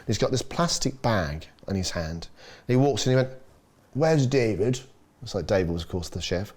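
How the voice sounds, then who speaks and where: A middle-aged Australian man, a chef, chatting casually on a podcast and telling lively stories, acting out quoted voices with big jumps in pitch. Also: normal speed, husky. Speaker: chef guest.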